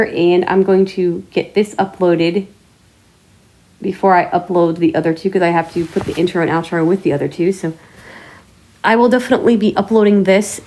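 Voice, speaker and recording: A woman vlogger chatting casually to her viewers, telling stories in a chatty way with mild swearing and drawn-out exclamations. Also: fairly low pitch, darkish tone. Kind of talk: casual chat to camera.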